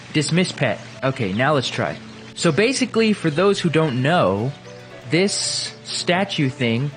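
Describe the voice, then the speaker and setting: A young man hosting a gaming video, chatting casually and playfully as he plays, swinging between excited bursts and quiet mumbling. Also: medium pitch. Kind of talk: casual gameplay commentary.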